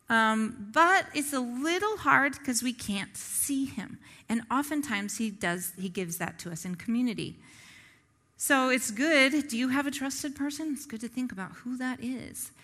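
A woman's voice: a little high, fairly bright tone, in a large hall. A woman giving a conversational Bible teaching. She asks the audience rhetorical questions and often checks in with "right?". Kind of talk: conversational sermon.

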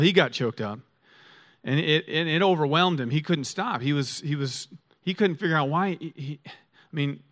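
A man's voice: medium pitch, fairly bright tone. A middle-aged man preaching a sermon as pastor, earnest and conversational, often restarting his phrases.

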